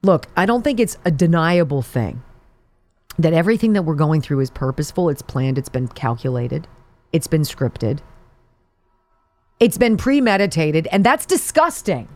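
A woman's voice: sits low, lively intonation, moderate pace, darkish tone, dry recording. Combative sarcastic woman talk radio host. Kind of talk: political talk radio monologue.

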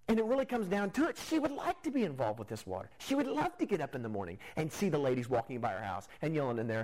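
A man's voice: a little high, big pitch swings, fast, hardly any pauses, darkish tone, poor audio. A man preaching a sermon in a conversational way, telling a Bible story and rising with emphasis at key points. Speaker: pastor.

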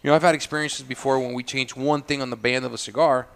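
A man guest on a talk show, telling stories in a casual, animated way and laughing often. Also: medium pitch, quick pace, vocal fry, clear, resonant tone. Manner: animated, laughing, loud when imitating others. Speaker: guest, cigar maker. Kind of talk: casual storytelling chat. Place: indoor studio, on a couch.

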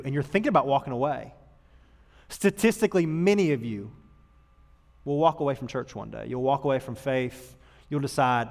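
A man preaching as a youth pastor in a church auditorium, talking in a casual, earnest way that moves from loud emphasis to hushed tones. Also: medium pitch, animated, normal speed, long pauses. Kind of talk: sermon to youth group. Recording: long hall reverb.

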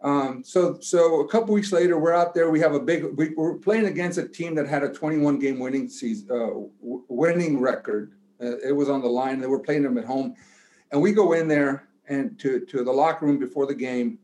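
A man gives a coach-style pep talk, his slightly high voice climbing into shouts. He mixes rallying lines with a long story from his playing days. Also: normal speed. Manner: builds to shouting, then tells a story quietly. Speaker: guest giving a pep talk. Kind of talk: motivational speech and storytelling.

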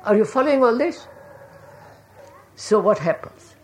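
Lively-voiced woman giving a questioning talk. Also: on the high side, unhurried. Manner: questioning, often checks if listeners follow; addresses listeners as sir. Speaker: public speaker. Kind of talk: reflective public talk to an audience.

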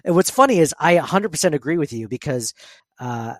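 Man, podcast host, fairly high voice, dry close sound, rambling, lots of fillers and laughs. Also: animated, fairly quick, a bit bright, no room sound. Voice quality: says he has an annoying voice. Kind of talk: casual sports podcast chat.

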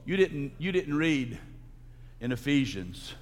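Emphatic preacher with a higher voice. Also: male voice, big pitch swings, takes it slowly. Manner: emphatic preaching that swings to loud, high outbursts. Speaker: pastor. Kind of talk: sermon. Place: church sanctuary. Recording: long hall reverb.

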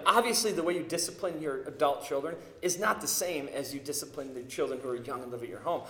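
A man in his thirties preaching a sermon, telling family stories with lively acted-out quotes. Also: fairly high pitch, fast talker, few pauses, echoey room. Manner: animated storytelling, acting out quotes. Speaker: pastor.

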